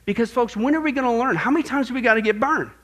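An emphatic male pastor preaching a sermon in a high, bright voice. He jokes with his congregation and keeps asking "right?" as he drives each point home. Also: racing. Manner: emphatic, jokey preaching with frequent "right?" asides.

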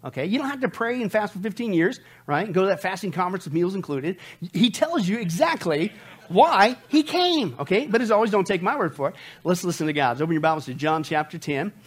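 A man preaching a sermon, joking with the congregation, reading funny lines aloud, laughing and shouting now and then. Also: high voice, sing-song, a little fast, breathy edge. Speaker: pastor. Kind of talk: humorous sermon.

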